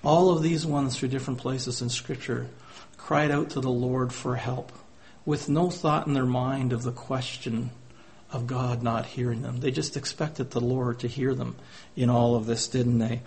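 A man's voice: mid-range voice, fairly even intonation, a little slow, darkish tone, slight background noise. A man preaching a sermon in earnest tones, often closing his points with tag questions and quoting scripture in old-fashioned wording. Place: church gathering.

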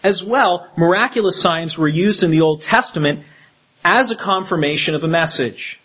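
A man preaches a sermon, acting out the quotes with lively swings of pitch. His voice is slightly high and husky. The recording sounds dull and lo-fi. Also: normal speed. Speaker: pastor.

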